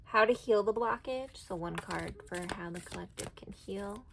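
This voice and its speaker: A woman's voice: mid-range voice, normal speed, creaky, background noise. A woman vlogging an oracle card reading, chatty and rambling as she thinks aloud. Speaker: tarot and oracle card reader. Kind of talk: casual card-reading vlog.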